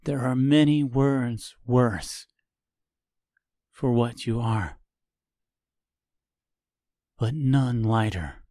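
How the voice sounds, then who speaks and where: A man voicing a stern young hero, hushed and cold. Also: medium pitch, extremely slow, long pauses, no room sound, studio quality. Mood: cold contempt.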